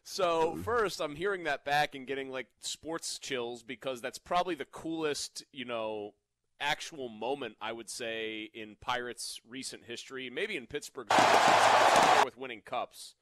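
A man's voice: mid-range voice, measured pace, bright, forceful tone, dry recording. A man co-hosting a sports radio show, talking casually and laughing easily.

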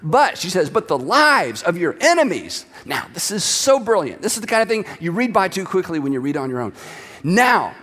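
A man's voice: high-pitched, fairly bright tone, in a large hall. A man preaching a sermon, reading scripture aloud with dramatic emphasis. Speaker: pastor.

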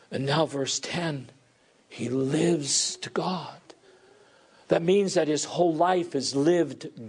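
Slow, dramatic male preacher. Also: vocal fry, breathy edge. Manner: dramatic, swings between loud emphatic peaks and hushed low passages. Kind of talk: sermon.

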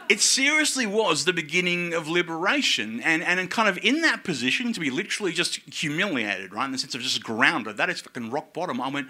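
A man's voice: fairly high pitch, animated, moderate pace, sharp tone. A man telling a personal story in a casual, profane, self-mocking way.

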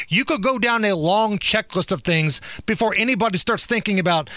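A man's voice: high-pitched, lively intonation, normal speed, pushed and bright, dry recording. A man co-hosting a talk show, giving opinionated political commentary in a sarcastic, mocking manner.

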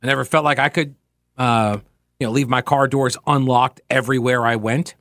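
A man's voice: mid-range voice, fairly even intonation, normal speed, fairly bright tone, dry recording, clean studio sound. A man hosting a political talk radio show, speaking casually and with strong opinions, musing aloud and reading listener messages. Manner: opinionated, rambling, reads listener emails aloud.

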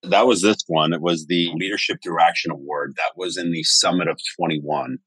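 A podcast guest with a low, husky voice talks briskly, spinning animated stories in a casual conversation and swearing freely. The recording has no room sound.

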